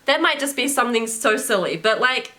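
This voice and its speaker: Young kiwi woman rambling in a vlog, bright voice, pitched a bit high, keeps saying like and eh. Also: brisk. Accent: New Zealand. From New Zealand. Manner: chatty, animated, many "like"s and "eh"s. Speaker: travel vlogger. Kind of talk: casual vlog chat.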